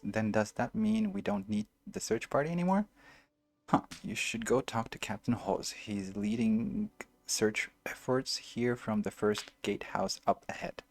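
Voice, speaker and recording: Guard soldier on patrol, plain read, low gravelly streamer's own male voice. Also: lively intonation, unhurried, no room sound, full character voice. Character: soldier guarding a search area, stern then surprised. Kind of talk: reading game dialogue aloud.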